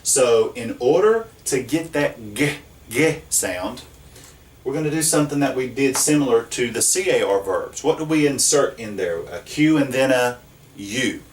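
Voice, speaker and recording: A man's voice: medium pitch, lively intonation. Patient man teaching in an echoey room. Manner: slow, patient, checks in with "okay?" and "right?". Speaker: Spanish teacher. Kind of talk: classroom grammar lesson. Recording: roomy echo, mic at a distance.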